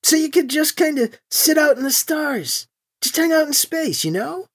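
A woman's voice: sits high, expressive, normal speed, pitched above the performer's own voice. A narrator voicing a laid-back, quirky female deputy security chief with a musing way of talking.

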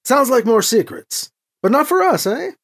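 An easygoing man who tosses off wry remarks, as an audiobook reader puts him on. His pitch moves very widely. A storybook side character. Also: big pitch swings, moderate pace, exaggerated voice.

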